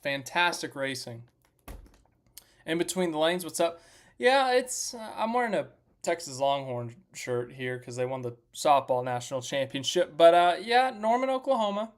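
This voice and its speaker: A man's voice: on the high side, very animated, moderate pace. A young man hosting a casual live stream, chatting and joking as he recaps racing and greets viewers by name. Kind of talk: casual motorsport recap chat.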